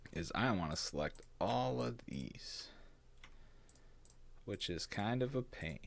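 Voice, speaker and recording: A man's voice: low voice, gravelly. A man casually talking through a design tutorial, thinking aloud, humming and muttering to himself. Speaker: bait designer teaching CAD. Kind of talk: casual screen-recorded tutorial.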